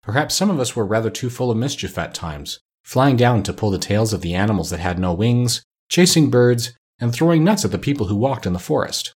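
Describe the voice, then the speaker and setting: A man's voice: medium pitch, animated, a little fast, few pauses, a little mellow, slightly rough. A man reading aloud and voicing a courtly male winged monkey king telling a long tale.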